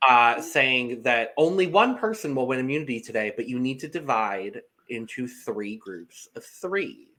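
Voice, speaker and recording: Guy cohosting a chatty recap podcast, bright sharp voice, gets dramatic and laughs a lot. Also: medium pitch. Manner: animated, dramatic, quick to laugh. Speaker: podcast co-host. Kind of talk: casual reality TV recap chat.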